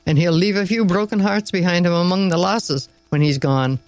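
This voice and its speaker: A man's voice: high-pitched, moderate pace, dry recording, close to an everyday voice. A man doing a blunt farmer father. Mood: earnest. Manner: gruff, homely, plain-spoken. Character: blunt old Northern farmer, plain-spoken father.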